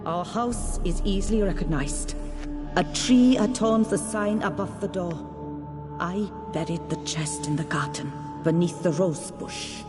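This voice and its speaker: An actress playing a refined woman in a video game, speaking in a formal, measured way. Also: on the low side, natural voice. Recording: game audio with music behind.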